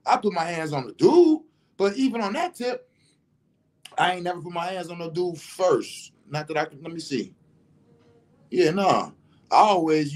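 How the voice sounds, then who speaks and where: Husky animated man, raised pitch. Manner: animated and emphatic, swears freely. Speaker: vlogger. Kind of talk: casual livestream monologue.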